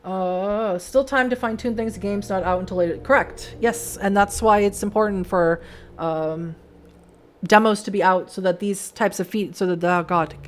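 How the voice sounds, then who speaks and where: A woman streamer talking casually to her stream audience in a chatty, enthusiastic way, her voice hoarse and giving out. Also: mid-range voice, moderate pace, a little hiss or hum. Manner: chatty, enthusiastic, many fillers. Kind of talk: casual livestream chat.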